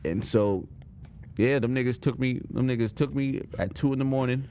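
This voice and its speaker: A man's voice: medium pitch, normal speed, a little hiss or hum. Young man telling a wild story. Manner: animated, profane, acts out voices in his stories. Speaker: podcast co-host. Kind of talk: casual storytelling.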